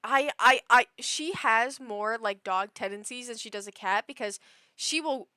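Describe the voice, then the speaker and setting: A woman livestreamer chatting casually, telling stories in an animated, exasperated way with lots of fillers. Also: a little high, unhurried, clean tone, dry recording. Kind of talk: casual chat.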